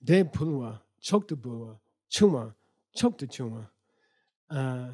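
A man with a mellow, relaxed tone explains an old Buddhist story line by line. He reads a phrase of the source text, then puts it into everyday words, often repeating himself and checking that the listeners follow. He tells the story with some humor and laughs at times. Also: medium pitch, measured pace. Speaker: Buddhist teacher. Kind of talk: lecture reading a Tibetan text aloud and explaining it line by line.

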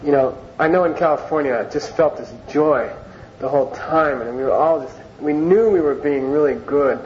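A man's voice: a little high, normal speed, a little mellow. A man teaching an informal Buddhist class in a conversational way, often repeating words and phrases for emphasis. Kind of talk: informal Dharma class lecture. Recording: dull lo-fi recording with faint hiss.

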